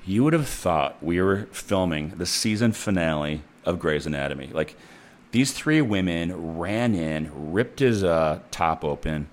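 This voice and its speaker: A man's voice: deep voice, lively intonation, unhurried. A man who works as a nurse, telling a story in a casual, blunt and profane way.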